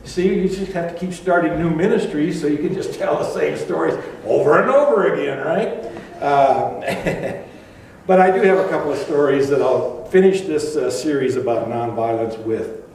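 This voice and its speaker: Brief: older male pastor, chatty storyteller, slightly high voice, distant mic. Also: moderate pace, a little mellow, slight background noise. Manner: conversational storytelling, with asides and fillers. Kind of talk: sermon. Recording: echoey room, far from mic.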